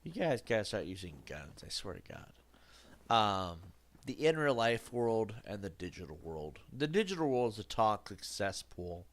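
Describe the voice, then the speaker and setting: A man's voice: fairly low pitch, very animated, normal speed. A man streaming a game with a stuffy nose, talking casually in a reflective, rambling way with jokey asides. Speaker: live streamer. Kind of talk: casual live-stream talk while gaming.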